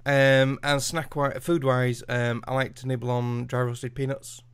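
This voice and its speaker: A British man chatting casually on a group podcast. He sounds relaxed and laughs easily. His voice is smooth and resonant. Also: mid-range voice, unhurried.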